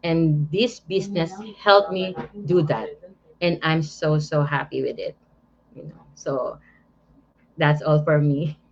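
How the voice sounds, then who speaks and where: A woman from the Philippines, a non-native speaker, giving a testimony on an online call in a shy, hesitant, halting way. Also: low voice, fairly even intonation, highs cut off, slight background noise. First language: Filipino. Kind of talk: casual chat.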